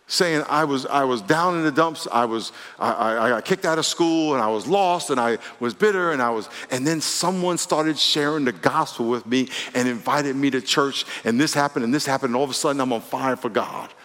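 A man, a pastor, preaching a sermon in an animated way, acting out quotes and laughing between points. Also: on the high side, long reverb tail. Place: church sanctuary.

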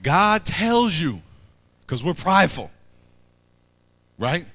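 A man's voice: fairly high pitch, slow. A man preaching a sermon to a live audience, acting out little scenes, repeating himself and quizzing the crowd. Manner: animated, acts out little scenes and quotes.

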